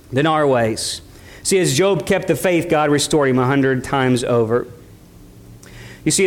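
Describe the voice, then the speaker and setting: A man with a notably high-pitched voice preaches with real fervor. He drops into hushed, low stretches and then climbs into emphatic, rising peaks. Casual asides keep it conversational. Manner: impassioned, swings between quiet lows and rising emphatic peaks. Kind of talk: sermon.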